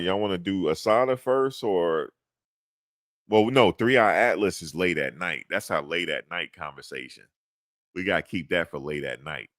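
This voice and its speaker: Laid-back deep-voiced man rambling. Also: fairly bright tone, no room sound, clean studio sound. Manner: laid-back, rambling, chuckles at own jokes. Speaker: podcast host. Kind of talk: casual chat.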